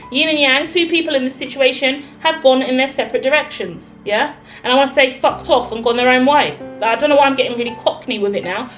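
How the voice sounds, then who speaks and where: A woman's voice: high voice, fairly bright tone, low-quality recording. A British woman giving a spoken tarot reading in a blunt manner, swearing freely as she lays out the cards. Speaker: tarot reader.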